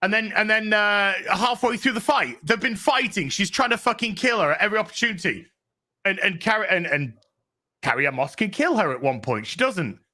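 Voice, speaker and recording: A man's voice: high voice, animated, a little fast, sharp tone. A man hosting a podcast, ranting casually and sarcastically about a show, swearing a lot and acting out the characters' lines in exasperated voices. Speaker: podcast host. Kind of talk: casual review rant.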